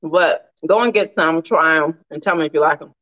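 A woman hosting a casual live cooking stream, animated and laughing often as she reads viewer comments aloud. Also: deep voice, brisk, highs cut off.

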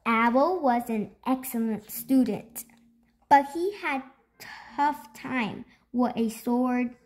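A woman hosting a storytime, reading a children's picture book aloud in an expressive, slow storytelling manner. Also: a little high. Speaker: storytime host.

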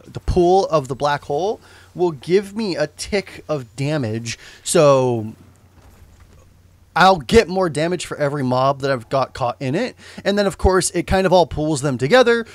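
A young man talks loosely over his gameplay, wandering off on asides and restarting his sentences. His voice sits a little high for a man. The sound is close and dry, with no room around it. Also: no room sound. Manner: rambling, self-correcting, joking asides. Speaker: game streamer. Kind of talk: casual gameplay commentary.

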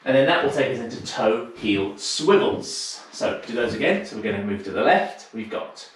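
A man's voice: mid-range voice, big pitch swings, normal speed. Man counting dance steps in an echoey room. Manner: counts steps aloud in rhythm, chatty explanations between. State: a little out of breath. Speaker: dance teacher. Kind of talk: teaching a live online dance class. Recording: echoey room, distant mic, noisy.

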